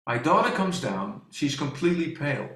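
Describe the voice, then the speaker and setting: A man giving a presentation and telling a personal story to an audience, halting, with many restarts and fillers. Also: fairly high pitch, sing-song, fairly bright tone. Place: presentation hall. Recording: echoey room.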